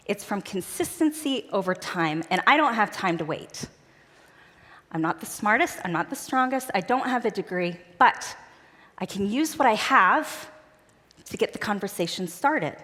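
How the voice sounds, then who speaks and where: An earnest woman shares personal stories from a church stage, talking plainly and directly to the crowd. Her voice sits at an ordinary middle pitch. A long reverb trails each phrase as it fills the big auditorium. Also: fairly bright tone. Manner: earnest, conversational. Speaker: speaker at a church event. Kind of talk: personal storytelling talk.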